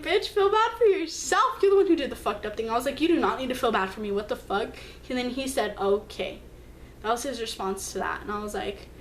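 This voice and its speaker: A young woman with a high voice tells a personal story straight to camera. She sounds hurt and keyed up, swearing a lot and jumping higher as she acts out the messages. A faint hiss sits under her voice. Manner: emphatic, swearing, acts out texts with leaps in pitch. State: upset, hurt. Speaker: vlogger. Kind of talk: storytime vlog.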